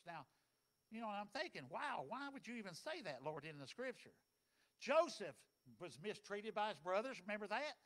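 A man preaching a sermon, folksy and dynamic, swinging between loud and soft. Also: high voice. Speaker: pastor.

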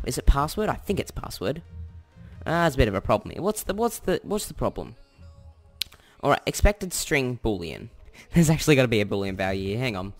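Young Australian male tutor, animated pitch, chatty, self-correcting, casual screen-recording delivery. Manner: chatty and self-correcting, thinks aloud while typing. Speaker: tutorial host.

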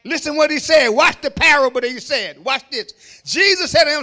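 A man preaching a sermon as pastor, shouting at the peaks and dropping into low asides to the congregation, calling on them to answer. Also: a little fast. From Kentucky, USA. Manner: call-and-response preaching, calls on the congregation. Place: church sanctuary.

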